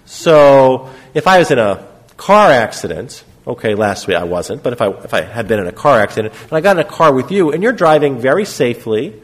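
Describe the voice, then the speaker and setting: A middle-aged man lecturing on psychotherapy in a lively, conversational way, often checking in with "okay?" and acting out short example lines. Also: mid-range voice, a little fast.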